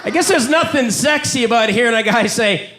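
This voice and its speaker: Canadian man doing stand-up, high voice. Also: lively intonation. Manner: wry, conversational, does quick voices for bits. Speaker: stand-up comedian. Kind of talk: live stand-up set. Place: comedy club with a live audience. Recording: live club recording with loud crowd and noise. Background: audience laughter and room ambience.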